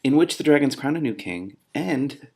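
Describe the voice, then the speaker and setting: A man reading a novel aloud and breaking off for excitable, self-mocking asides. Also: medium pitch, moderate pace. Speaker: book reader and commentator.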